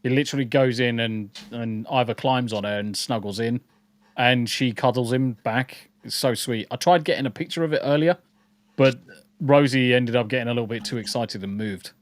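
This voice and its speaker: A medium-pitched man speaks at a moderate pace. He's a podcast co-host from the English Midlands whose accent mixes in some southern English, and in casual chat he reads out comments with rambling jokes, repeating words as he goes.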